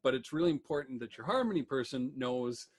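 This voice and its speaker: A man's voice: medium pitch, lively intonation. Chatty man teaching a music lesson. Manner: quick, chatty explaining with many fillers. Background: guitar playing.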